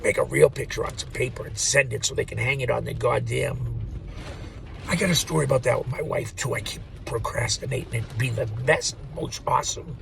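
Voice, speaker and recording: Gravelly man ranting with lively swings. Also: mid-range voice, a little fast, noisy background. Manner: profane, rambling, laughs at own jokes. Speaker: postal worker vlogger. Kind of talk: rambling opinionated monologue.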